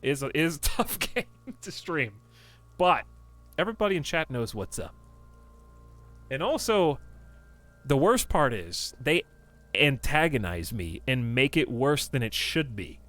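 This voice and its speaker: Male streamer, casual chat, animated pitch, faint music under him. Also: unhurried, long pauses. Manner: rambling, talking straight to chat. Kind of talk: casual livestream chat while playing a game.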